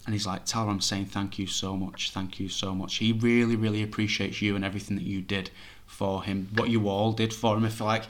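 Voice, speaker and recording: A man's voice: fairly low pitch, flat delivery, a little fast. A man working as a psychic medium, talking chattily and reassuringly as he relays messages to a sitter. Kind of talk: reading for a sitter.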